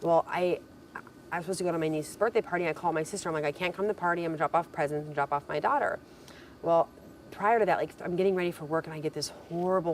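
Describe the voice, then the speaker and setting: A young woman with a low voice, a reality show contestant, tells a long personal story in casual conversation. Her storytelling rambles, packed with "like" and acted-out "I'm like" quotes. There's slight background noise.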